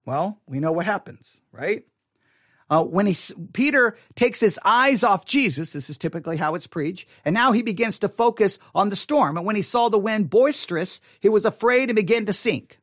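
A man's voice: high-pitched, expressive, normal speed, no room sound, studio quality. A man leading a Bible study lesson, reading scripture aloud and talking it through in a conversational way, often restarting his sentences. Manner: conversational, reads scripture aloud, frequent restarts and repeated words; mildly critical of typical sermons.

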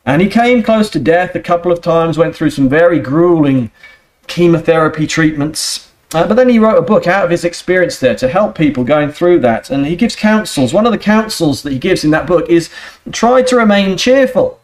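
A man's voice: fairly high pitch, expressive, a little fast. A man preaching a sermon with earnest emphasis and rhetorical questions, speaking.

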